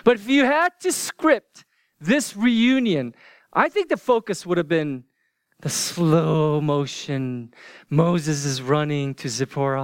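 A man with a notably high voice preaches to his church in a relaxed, chatty way. He lets some lines sink to a hush. The sound is dry and close. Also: normal speed, clear, resonant tone, no room sound. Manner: conversational, dropping to hushed whispers for emphasis. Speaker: pastor. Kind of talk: sermon.

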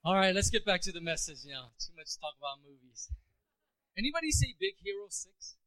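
Brief: male pastor, lively swooping delivery, slightly high voice, chatty sermon with restarts. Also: a little fast, poor audio. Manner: animated, chatty, frequent restarts. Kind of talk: conversational sermon.

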